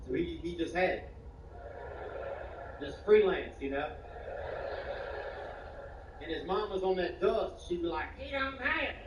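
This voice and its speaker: Man rambling deadpan stand-up, echoey far-off. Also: fairly high pitch, slow, pauses often. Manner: rambling, deadpan, peppered with "you know". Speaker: stand-up comedian. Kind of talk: stand-up comedy. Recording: echoey, distant, dull, noisy live room.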